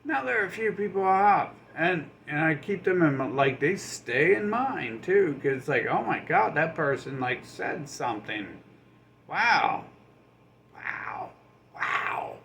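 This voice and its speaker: A man's voice: on the high side, expressive, moderate pace, vocal fry, few pauses, fairly bright tone, slight background noise. Sarcastic ranting man, rambling and profane. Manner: sarcastic, mocking, puts on voices of others. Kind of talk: ranting monologue.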